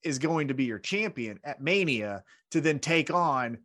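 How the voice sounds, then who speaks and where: A man co-hosting a casual wrestling podcast, animated and quick to act out the people he talks about. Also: a little high. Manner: animated, acts out wrestlers with loud put-on voices. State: unemployed. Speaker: podcast co-host.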